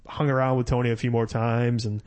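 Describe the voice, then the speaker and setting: A man's voice: medium pitch, flat delivery, brisk, darkish tone. A man co-hosting a casual podcast, rambling with lots of fillers and restarts and slurring his words a little. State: slightly slurring from beers. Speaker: podcast co-host. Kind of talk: casual banter.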